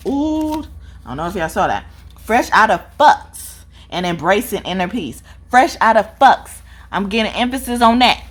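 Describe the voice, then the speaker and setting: Young woman reading tarot, swears a lot, laughs, super animated. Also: fairly high pitch, moderate pace. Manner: animated, profane, laughs often. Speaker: tarot reader.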